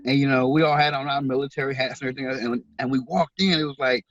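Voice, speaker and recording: Interviewed as a guest, a man who is an author and veterans charity organizer talks quickly in a mid-range, slightly bright voice with fairly even intonation. He comes across as earnest and heartfelt and repeats words often. The audio is dry and muffled.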